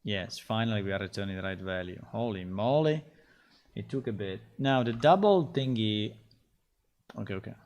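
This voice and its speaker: A man who is a game developer, chatting casually on a livestream while he codes, halting and repeating himself with many fillers. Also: fairly low pitch, a little mellow, dull audio.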